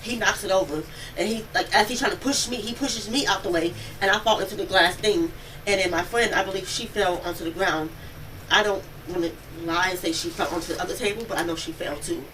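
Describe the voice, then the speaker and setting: Woman witness, rapid breathless retelling, very fast, distant bodycam audio, noisy background. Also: mid-range voice, a bit bright. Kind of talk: recounting events to police. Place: home, near the kitchen. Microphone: police bodycam.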